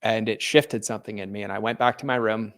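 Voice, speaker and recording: A man with a low voice shares a personal story as a podcast guest. His delivery stays flat and even, earnest and candid. He leans on "like" fillers and restarts sentences often. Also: quick pace.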